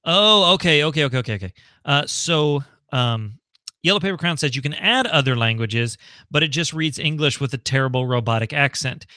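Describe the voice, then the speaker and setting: An American man hosting a relaxed live stream from his house, chatting his way through viewer questions. His voice is bright and forward, recorded close and dry with no room sound. He talks loosely, thinks aloud and fills pauses with ums and easy laughter. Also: on the high side, clean tone, no echo. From United States. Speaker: livestream host. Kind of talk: casual live Q&A. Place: home.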